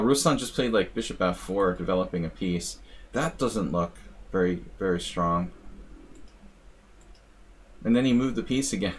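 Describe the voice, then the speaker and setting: A man streaming live, casually commentating chess games and chatting with viewers in a relaxed, musing way. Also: fairly low pitch, a little hiss or hum. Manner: relaxed, musing, talks to chat.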